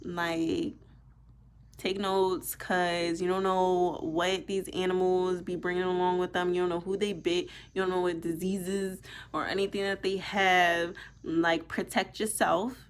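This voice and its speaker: Animated, profane young woman storyteller. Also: on the low side, a little slow. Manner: animated, profane, emphatic, heavy use of "like". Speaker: vlogger. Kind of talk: casual storytime monologue.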